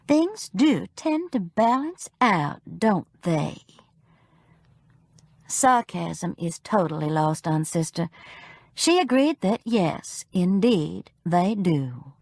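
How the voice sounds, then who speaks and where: Slow, lively-voiced woman narrator. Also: fairly low pitch, gravelly, no room sound, studio quality. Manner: wry, storytelling. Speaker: audiobook narrator. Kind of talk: first-person audiobook narration.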